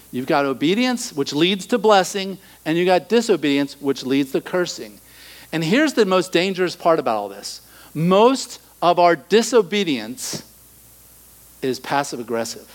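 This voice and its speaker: A middle-aged male pastor preaching a sermon, animated, acting out quoted voices and dropping to soft asides. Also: on the high side, poor audio.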